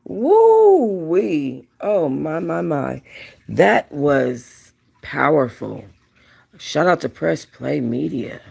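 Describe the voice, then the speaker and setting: A woman's voice: deep voice, vocal fry, darkish tone, slightly rough. A woman hosting a celebrity commentary show, talking in a chatty, rambling way with frequent restarts. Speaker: commentary channel host.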